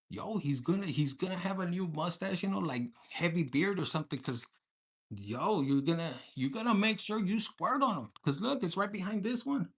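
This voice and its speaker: Husky, blunt tarot reader. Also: medium pitch, moderate pace. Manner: blunt, profane, animated; mixes in Spanish words. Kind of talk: casual collective tarot reading.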